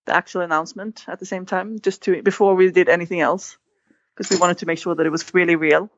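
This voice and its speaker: A woman's voice: on the low side, fairly even intonation, quick pace, slight background noise. A woman guest in an interview, telling a story with animation and acting out quoted lines. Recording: dull, dry sound.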